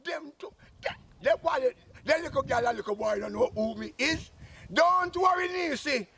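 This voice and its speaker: A man's voice: extremely high pitch, expressive, normal speed, pushed and bright, full character voice. A man playing a boastful old Jamaican uncle and former soldier, blustering and scolding in a comic sketch.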